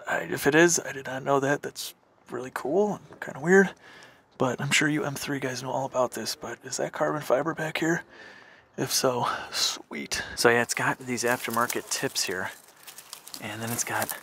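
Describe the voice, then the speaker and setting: Male vlogger, gravelly and bright, chatty inspection commentary outdoors. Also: mid-range voice, a little hiss or hum. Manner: chatty, thinks aloud while inspecting. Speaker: car flipper vlogger. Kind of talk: casual walkaround commentary.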